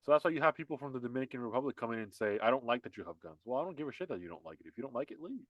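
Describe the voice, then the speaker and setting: A man's voice: medium pitch, animated, rapid-fire, a bit bright, no room sound, highs cut off. Heated, emphatic male podcast host. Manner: heated, emphatic, repeats himself with many restarts. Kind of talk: casual political podcast chat.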